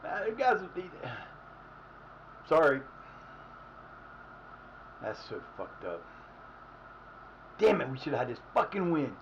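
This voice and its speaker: A man's voice: fairly high pitch, sing-song, takes it slowly, pauses often, highs cut off, slight background noise. Profane, ranting man streamer. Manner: frustrated, profane ranting at the game. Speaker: streamer playing a football management game. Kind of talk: live game commentary.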